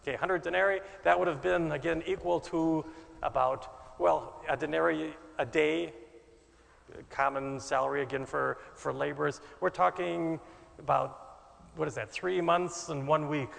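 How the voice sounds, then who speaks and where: A man preaching a sermon with a dramatic delivery, swinging from loud bursts to soft asides. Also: a little high, steady tone, unhurried, creaky, in a large hall.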